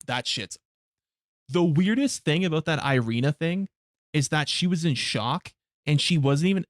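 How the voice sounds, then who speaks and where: A man's voice: mid-range voice, no room sound, studio quality. A man streaming a game live, chatting casually with his viewers in blunt, heavily profane rants. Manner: blunt, profane ranting to chat.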